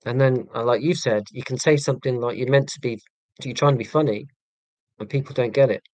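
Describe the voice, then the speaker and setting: Casual live-stream host: man, flat monotone, deadpan self-mocking humour, dry close sound. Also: medium pitch, brisk, dry recording. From England. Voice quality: monotone delivery.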